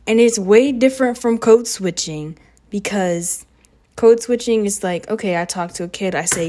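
A teenage girl who is a high school student, rambling and oversharing in a casual confessional vlog at home, sarcastic and full of fillers. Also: normal speed, mellow, slight background noise. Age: teens. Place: home living room.

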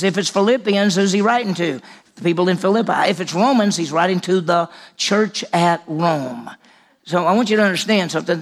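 Gravelly pastor guy preaching, asks the congregation stuff, goes quiet on big points. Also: high voice. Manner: conversational preaching with questions to the congregation. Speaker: senior pastor. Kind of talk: sermon.

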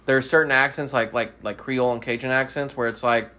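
A man's voice: medium pitch, steady tone, fast, pushed and bright. A man with a Southern US accent, co-hosting a podcast in casual chat and telling stories while mimicking the people he quotes. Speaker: podcast co-host.

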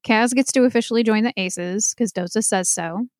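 A woman co-hosting a casual chat podcast, recapping a TV episode in a chatty, animated way and laughing often. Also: fairly high pitch, normal speed, dry recording, clean studio sound. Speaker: podcast co-host.

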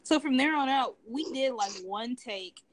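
A woman podcast guest in casual chat, telling the story of her show in a relaxed way. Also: high voice, normal speed, rough recording. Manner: relaxed, storytelling, recounts events. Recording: clicking noise in the background.

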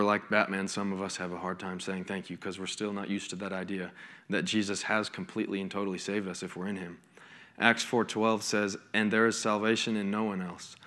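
A man's voice: lowish voice, fairly bright tone. Young man preaching casually. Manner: conversational preaching with storytelling and asides. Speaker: associate college pastor. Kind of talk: sermon.

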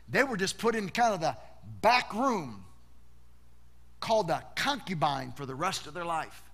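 A pastor delivers a sermon in a high-pitched voice, keeping things animated and conversational. He leans on rhetorical questions and repeats words as he goes.

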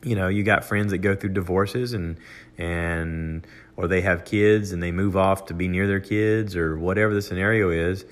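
An older man with a very low voice talks loosely through a solo podcast, with an American accent. He wanders from point to point with plenty of "uh" and "you know", and restarts his sentences. When he quotes someone, his pitch jumps up. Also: steady tone, normal speed. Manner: rambling, conversational, with many fillers and restarts. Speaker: podcast host. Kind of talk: casual solo monologue.

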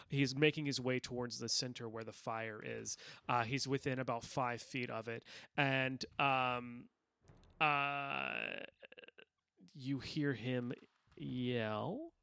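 A man's voice: medium pitch, bright, forceful tone, dry recording. A man narrating a tabletop game as game master, apologetic and full of fillers. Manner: apologetic, stumbling with many fillers.

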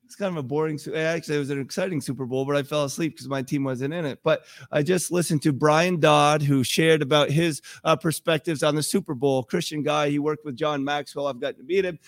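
Male pastor, relaxed sermon delivery, higher-pitched voice, dry close sound. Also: fairly quick, hardly any pauses, no echo. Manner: conversational, acts out quoted voices.

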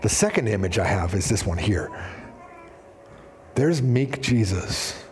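Pastor preaching in a reverberant hall. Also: male voice, fairly low pitch, a little slow, slight background noise. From Canada. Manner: animated storytelling, acts out quoted voices, casual fillers. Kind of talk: sermon. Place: church sanctuary. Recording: long hall reverb in a church.

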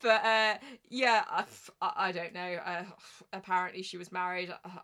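Bright-voiced young woman, chatty storyteller. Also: fairly low pitch, steady tone, moderate pace. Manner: giggly, swears freely, storytelling with quoted voices. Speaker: podcast co-host. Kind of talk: casual chat.

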